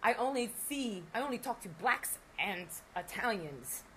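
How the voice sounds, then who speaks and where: A woman who works as an exotic dancer, chatting casually and acting out what customers said in animated stories. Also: mid-range voice, a little slow, a little hiss or hum, poor audio. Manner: animated storyteller, acts out customers' lines. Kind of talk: casual chat.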